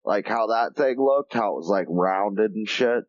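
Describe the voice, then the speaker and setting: A man's voice: fairly low pitch, measured pace, no echo, muffled recording. A man co-hosting a podcast, chatting casually, rambling with lots of swearing and filler words. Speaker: podcast co-host. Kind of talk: casual chat.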